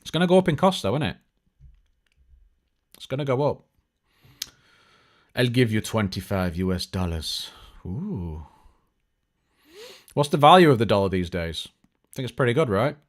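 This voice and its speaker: In a casual live-stream chat, a male tech show host talks at normal speed with a mid-range voice, big pitch swings and long pauses. He's chatty and joking, unscripted, with lots of fillers and restarts.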